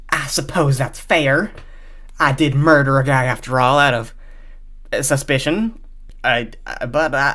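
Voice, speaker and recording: A man's voice: a little high, a bit bright, natural voice. A man voicing a sleazy young male chef with a southern twang and a frantic, smarmy way of talking, with faint music behind.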